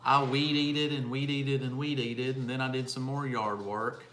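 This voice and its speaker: Homestead stream co-host, man, mid-pitched, relaxed and halting, echoey room. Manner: relaxed, laughs easily, halting with fillers. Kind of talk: casual live-stream chat. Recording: echoey room, faint background hiss.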